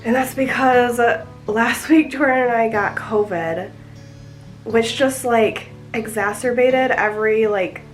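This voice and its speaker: A woman's voice: fairly high pitch, slow, soft background music, rough recording. A young woman chatting casually in a vlog, slightly out of breath, filling her talk with "like". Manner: chatty, fills with "like" constantly. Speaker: vlogger.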